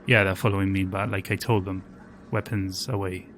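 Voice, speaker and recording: A man playing a tabletop game, describing his actions in low, quiet asides. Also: fairly even intonation, fairly quick. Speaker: player.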